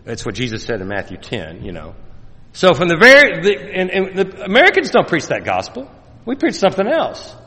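A man preaching a sermon, animated and joking, with mocking asides in put-on voices. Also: fairly high pitch, a little fast. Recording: reverberant hall.

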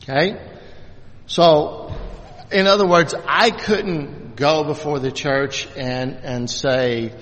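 A man's voice: on the high side, fairly bright tone. A man teaching a Bible class in a loose, unscripted way, talking in stops and starts with many restarts and fillers. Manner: halting, many restarts and fillers, self-deprecating. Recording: distant mic, long hall reverb.

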